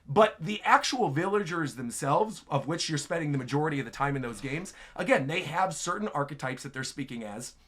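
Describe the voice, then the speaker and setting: A man hosts a casual gaming show and answers viewer questions with easy enthusiasm. His voice sits a bit higher than most men's, and his delivery is loose and chatty, peppered with "like" and "right?". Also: expressive, brisk, few pauses, a bit bright.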